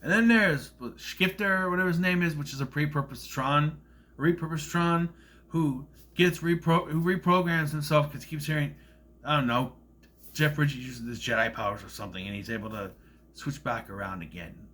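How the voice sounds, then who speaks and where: A man's voice: fairly high pitch, moderate pace, fairly bright tone. A man giving a casual, rambling movie review, often slipping into silly voices to act out lines. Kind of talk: casual film review monologue.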